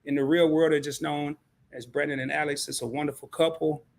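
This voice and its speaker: A man's voice: fairly high pitch, little pitch movement, a little fast, vocal fry. A man hosting a live stream in a chatty, rambling way, hyping up his audience. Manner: chatty, rambling, repeats himself, hypes the audience.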